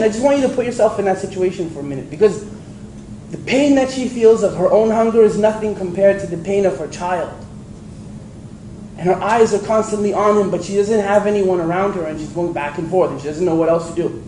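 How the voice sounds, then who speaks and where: A man giving a storytelling religious lecture to an audience, animated and acting out the voices he quotes. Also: high voice. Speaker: preacher. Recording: echoey hall with faint ambient noise.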